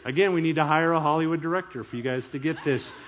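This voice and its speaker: A man preaching a sermon in an animated, emphatic way. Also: a little high, fast talker, noisy background. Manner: animated, emphatic, chuckles often. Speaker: pastor.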